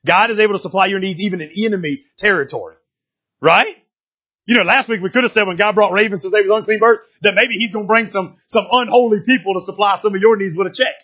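Animated, husky-voiced male preacher. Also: high-pitched, quick pace, lo-fi sound. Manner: animated and playful, acts out characters, rises to shouts. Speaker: pastor. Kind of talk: sermon.

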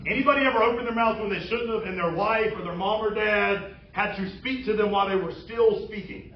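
A man preaching a sermon as pastor, animated and humorous as he retells a story. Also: high-pitched, a little fast, few pauses. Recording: roomy, distant, dull sound.

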